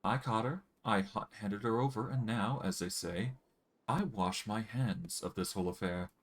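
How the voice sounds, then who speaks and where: A man's voice: fairly low pitch, normal speed. A man reading aloud the lines of a cocky, teasing mercenary woman in a game.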